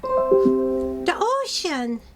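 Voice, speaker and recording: A woman voicing a playful five-year-old girl puppet who blurts short, silly answers in a squeaky voice. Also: very animated, extremely slow, soft background music, heavily acted.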